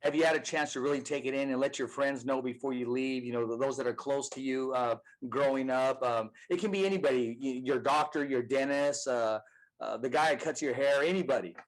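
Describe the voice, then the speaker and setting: Male podcast host, middle pitch, encouraging questions, casual talk. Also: fairly quick, poor audio. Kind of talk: casual interview.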